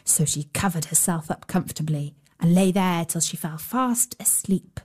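A woman narrating a fairy tale in a gentle, measured storytelling manner. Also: fairly low pitch, steady tone, husky. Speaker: storyteller host.

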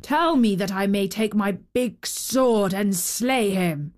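A woman voicing a huge old giant who speaks in a lower, heavier voice than her own. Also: slow, darkish tone, natural voice. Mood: angry. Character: huge old giant, gruff but loving.

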